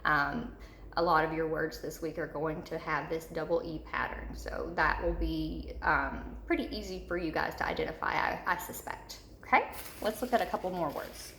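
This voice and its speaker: A woman with a slightly low, gravelly voice teaches a recorded spelling lesson for third graders. She repeats each word slowly and patiently. The room is echoey, with a faint hiss behind her. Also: a bit bright.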